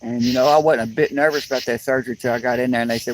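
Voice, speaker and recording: A sleepy, yawning fishing livestreamer rambles casually to his viewers from a riverbank, drawling and plainspoken. His medium-pitched, steady voice comes rapid-fire with hardly any pauses. The low-quality outdoor clip has loud insect noise.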